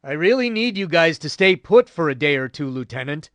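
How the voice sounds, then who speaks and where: A man reading an audiobook, voicing a Marine major who speaks briskly over the radio. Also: fairly high pitch, very animated, fairly bright tone, no room sound. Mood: firm.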